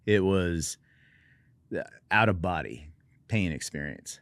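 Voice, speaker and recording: A man's voice: deep voice, lively intonation, slow pace, fairly bright tone, no echo. A middle-aged man from Oregon, a military veteran guest telling his story in a wry, understated, self-deprecating way. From Oregon, USA. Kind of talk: personal storytelling in conversation.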